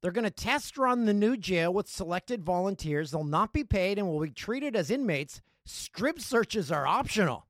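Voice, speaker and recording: A man hosting his own podcast, chatting casually and riffing on news stories and listener emails with a joking, animated manner. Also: high voice, no echo, studio quality. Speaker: podcast host. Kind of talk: casual solo podcast chat.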